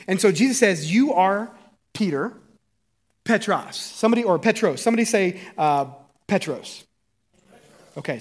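Animated pastor preaching a sermon. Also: male voice, a little high. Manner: animated, jokey, asks congregation to repeat words.

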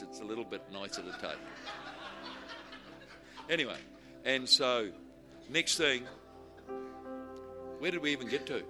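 A man preaching a sermon, telling humorous stories and swinging from quiet asides to shouted declarations. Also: lowish voice.

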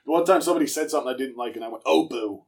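A man's voice: medium pitch, rapid-fire, heavy background noise. A man co-hosting a casual group chat, joking and laughing often. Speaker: podcast co-host.

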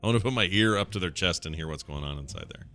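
A man's voice: low voice, lively intonation, very fast, pushed and bright, soft background music. A man co-hosting a casual podcast, reading out quiz questions and chatting loosely. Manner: reads questions aloud and chats with live chat.

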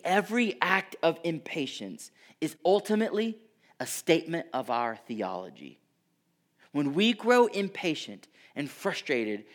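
A middle-aged male pastor preaching a sermon, swinging from loud emphatic lines to hushed, near-whispered ones. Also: on the high side.

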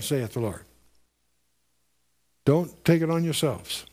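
A man's voice: on the high side, animated, takes it slowly, a little mellow. A man giving a verse-by-verse sermon, explaining the text earnestly, with rhetorical questions and frequent restarts. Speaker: Bible teacher.

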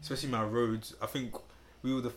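A young man in casual chat, quick to react and chime in. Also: medium pitch, level tone, a little hiss or hum. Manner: reactive, quick interjections and laughs.

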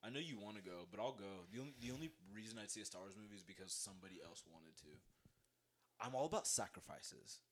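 A young man hosts a podcast with a slightly low voice. He rambles in a goofy, joking way through casual chat. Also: lively intonation, fast, a little hiss or hum. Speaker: podcast host.

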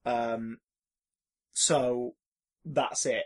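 A man co-hosting a casual film podcast, animated and profane, acting out reactions with loud exclamations. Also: a little high, normal speed. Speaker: podcast co-host.

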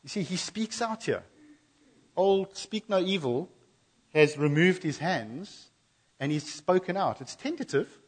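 In a church, a man preaches a sermon with animation, acting out the voices of the people he quotes. His voice is high with a breathy edge, and he keeps a measured pace.

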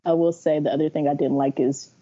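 Podcast guest: woman from the Bay Area, low and mellow, chatty and laughing, slightly muffled audio. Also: fast talker, slightly rough. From San Francisco Bay Area. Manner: animated, laughing, talks in long runs. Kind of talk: casual chat.

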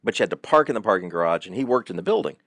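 A middle-aged man with a low voice tells animated stories on a podcast and keeps circling back on repeated fillers. The recording is dry and close, with no room sound. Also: rapid-fire, dry recording. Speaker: guest counselor. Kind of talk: conversational podcast advice.

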